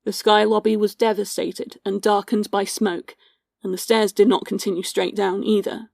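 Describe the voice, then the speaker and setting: A woman hosting a podcast, giving scripted history narration in a measured, sombre storytelling manner and reading out witness accounts. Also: mid-range voice, level tone, vocal fry, darkish tone, dry recording, clean studio sound. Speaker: podcast host.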